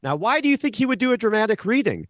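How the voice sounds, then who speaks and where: A man co-hosting a podcast, recapping a reality show in a casual, animated way and laughing often. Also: high-pitched, fast talker, dry recording, clean studio sound. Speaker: podcast co-host, Survivor expert.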